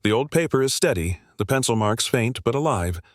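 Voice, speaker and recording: A man narrating a scripted first-person story in a steady, wry, literary way. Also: mid-range voice, fairly quick, no echo, clean studio sound.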